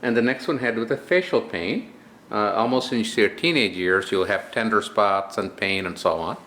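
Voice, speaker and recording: A man's voice: fairly low pitch, lively intonation, moderate pace, sharp tone, echoey room, slight background noise. A man interviewing a patient, asking short questions and answering with okay and mm-hmm. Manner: brief prompts, okay and mm-hmm. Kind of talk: casual interview.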